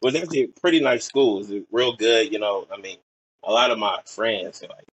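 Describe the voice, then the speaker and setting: Husky young man telling stories, rambling. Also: fairly low pitch, a little fast, no echo, poor audio. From Portland, Oregon. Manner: rambling, filler-heavy storytelling with acted-out quotes. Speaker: podcast guest. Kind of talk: casual storytelling chat.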